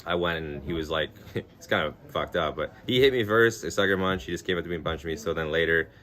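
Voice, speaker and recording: A Canadian man live-streams in a low, fast, slightly bright voice. He chats with viewers in a rambling, laid-back way, swearing freely and laughing through his stories.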